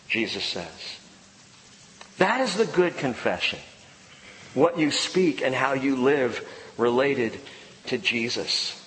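A man preaches in a somewhat high voice, driving his points home through repetition and swelling emphasis before sinking into quiet prayer. His words ring out with a long reverb that fills the church, and a faint hiss sits underneath. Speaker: pastor. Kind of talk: sermon.

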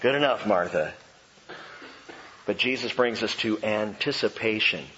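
A man preaching a sermon, emphatic and animated, asking rhetorical questions. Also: on the low side, a little slow, long reverb tail, highs cut off, slight background noise. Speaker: pastor.

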